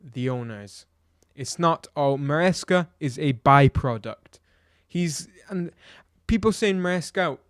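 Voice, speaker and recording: A man's voice: a little high, expressive, unhurried, clear, resonant tone, no echo. Man, blunt football vlogger, exasperated rant, rhetorical questions, dry room. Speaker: football fan reviewer. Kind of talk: opinionated match review vlog.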